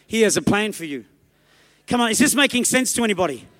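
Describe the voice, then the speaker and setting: Preacher, male, very high and bright voice, emphatic exhortation, long hall reverb. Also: lively intonation. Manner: emphatic, exhorting, rapid bursts. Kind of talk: sermon.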